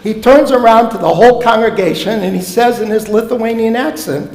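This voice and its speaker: Speaking fairly quickly in a very high voice, a guest speaker from Omaha, United States, delivers a sermon-style talk in a synagogue sanctuary. The professor of Jewish education tells comic stories with punchlines in an animated way, and the echoey hall gives the recording long reverb.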